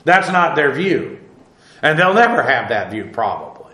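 Guy doing a bible study, lots of uhs, bright kinda higher voice, roomy echo. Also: sing-song. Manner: halting, many filler "uh"s, spells out Hebrew words; emphatic, preacherly warnings. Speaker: Bible teacher. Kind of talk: verse-by-verse Bible teaching.

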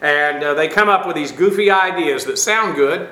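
A man teaching a Bible lesson, halting often with fillers and dry asides. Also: on the high side, sharp tone, echoey room.

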